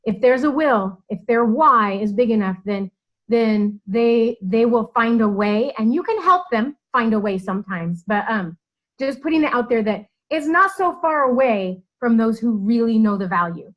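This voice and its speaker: Uma mulher que lidera uma reunião de equipe de coaches, falando de forma descontraída e animada, rindo com frequência. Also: female voice, fairly high pitch, expressive, moderate pace, dull audio. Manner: chatty and upbeat, laughs often. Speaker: team leader hosting a coaches' call. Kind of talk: casual team meeting talk.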